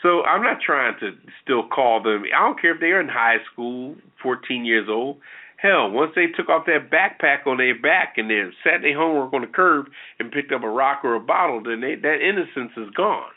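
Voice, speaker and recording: Male talk-show co-host, blunt and animated, average pitch, phone-thin sound. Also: moderate pace. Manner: blunt, animated, with frequent restarts. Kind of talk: opinionated casual commentary. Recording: tinny phone-like audio.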